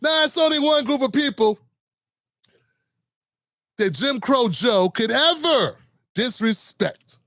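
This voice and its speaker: A man's voice: very high voice, expressive, slow pace, long pauses, fairly bright tone, no room sound, clean studio sound. A man hosting his own show, ranting in a heated, mocking political commentary. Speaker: host.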